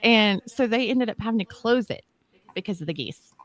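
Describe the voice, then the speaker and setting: A woman's voice: a little high, animated, moderate pace, dry recording. A woman co-hosting a podcast, teasing and giggly in casual chat. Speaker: podcast co-host.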